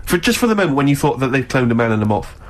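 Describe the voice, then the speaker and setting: A man co-hosting a comic radio show, firing off quick, dryly ironic questions. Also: medium pitch, very animated. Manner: quick, probing questions with dry irony. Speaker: radio co-host.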